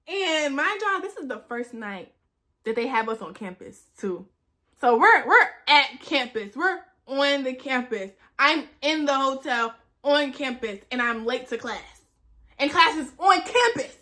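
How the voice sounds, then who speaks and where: Bright, high-voiced young woman telling a story. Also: unhurried. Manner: animated, acts out the voices of others; chatty, repeats phrases for emphasis. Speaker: vlogger, flight attendant. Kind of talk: casual storytelling.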